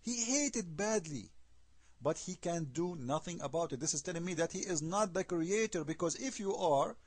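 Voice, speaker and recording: A man's voice: on the high side, lively intonation, moderate pace, no echo. A man giving an argumentative video commentary, emphatic and scornful, firing off rhetorical questions in non-native English. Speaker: online commentator.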